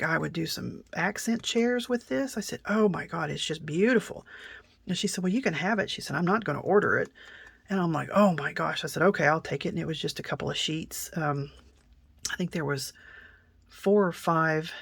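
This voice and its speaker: A middle-aged woman hosting a craft tutorial, telling rambling stories while she works, often dropping to a soft near-whisper. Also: low voice, a little fast, gravelly, slightly rough. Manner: chatty, rambling, many fillers and restarts. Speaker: craft channel host.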